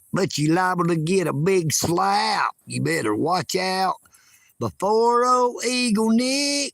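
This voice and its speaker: A Southern man with a high, bright voice and a gravelly edge, talking slowly and swooping widely in pitch. He live-streams from a lakeside park in a folksy, boastful manner and teases his chat. The sound is dry and close to the phone mic. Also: very animated, dry recording. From Georgia, United States. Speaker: livestream host. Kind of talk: casual outdoor livestream chat.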